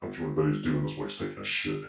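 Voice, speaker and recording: A man's voice: very deep voice, animated, racing, creaky. A man casually trying out voices on a voice changer, joking crudely. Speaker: guest demonstrating a voice changer. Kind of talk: casual chat. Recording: echoey room with faint music.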